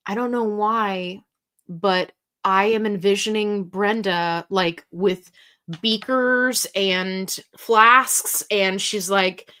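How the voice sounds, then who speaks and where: A woman's voice: mid-range voice, steady tone, slow, bright, forceful tone, clear, resonant tone. A woman hosting a casual live stream, chatting and reading viewer comments aloud in an upbeat, talkative way. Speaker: livestream host answering viewer questions.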